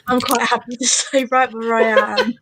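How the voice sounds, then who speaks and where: A woman's voice: on the high side, noisy background. A woman hosting a casual chat on a video call, chatty and laughing often. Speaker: host.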